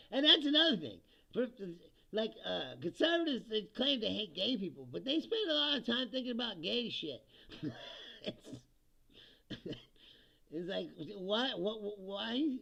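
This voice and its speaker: A man with a gravelly, bright and forceful voice rants casually to his livestream audience. He breaks into laughter often and swings his pitch around as he mocks people in put-on voices. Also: lo-fi sound. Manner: laughs often, mocking put-on quotes, profane. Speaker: livestream host. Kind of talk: casual political rant.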